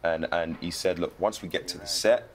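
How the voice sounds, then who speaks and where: A man, an actor guest telling lively stories in a casual interview. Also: deep voice, moderate pace, a little hiss or hum. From England. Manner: animated storytelling with slang.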